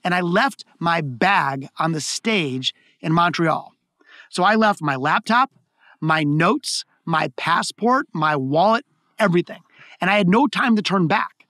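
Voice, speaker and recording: Excitable high-voiced man. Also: measured pace, dry recording, studio quality. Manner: excited, tumbling restarts and repeated words. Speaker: guest, keynote speaker. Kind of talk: conversational interview storytelling.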